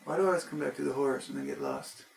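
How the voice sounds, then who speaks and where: An American man tells a meandering comic story, stumbling over his words and getting exasperated. His voice is gravelly. The recording is distant and roomy, with faint ambient noise behind him. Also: fairly high pitch, racing. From United States. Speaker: travel storyteller. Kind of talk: comic rambling anecdote.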